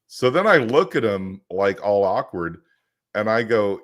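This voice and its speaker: A man's voice: fairly low pitch, big pitch swings, unhurried. A man co-hosting a casual chat, telling a story energetically and acting out the quotes. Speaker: podcast co-host.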